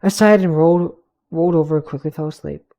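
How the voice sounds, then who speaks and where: A man's voice: fairly high pitch, fast talker, creaky, mellow. A young man reads his own fantasy tale aloud on a home stream, speaking into a desk mic. He trips over words, backs up to correct himself, and breaks off for small asides. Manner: stumbling, self-correcting reading with asides. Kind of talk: live read-through of a fantasy story.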